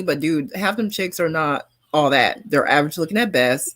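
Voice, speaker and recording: A woman's voice: on the low side, a bit bright, dry recording. A woman joining an online roast with blunt, casual comments and some laughing. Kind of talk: casual profane chat.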